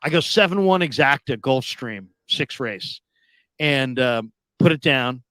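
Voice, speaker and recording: A radio host telling a long story in casual chat, acting out the people in it with loud, high outbursts. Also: male voice, a little slow, dry recording. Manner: animated, acts out quoted people with sudden loud high outbursts.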